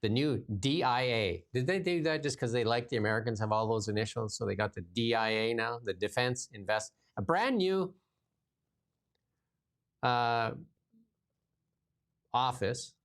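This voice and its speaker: A man's voice: medium pitch, unhurried, long pauses, fairly bright tone. A man hosting casual political commentary, reading news items aloud and mocking them sarcastically. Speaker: podcast host.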